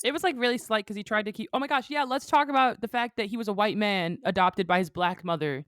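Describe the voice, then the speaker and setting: A woman's voice: mid-range voice, quick pace, a bit bright, no echo, clean studio sound. A woman host in casual chat, telling stories and giving firm opinions in a chatty way.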